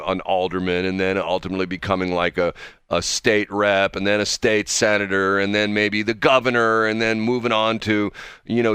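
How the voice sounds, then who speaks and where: Radio guy rambling on, low voice but bright and bouncy, dry studio sound. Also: clean tone, dry recording. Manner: rambling, animated storyteller. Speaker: radio morning show co-host. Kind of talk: casual radio banter.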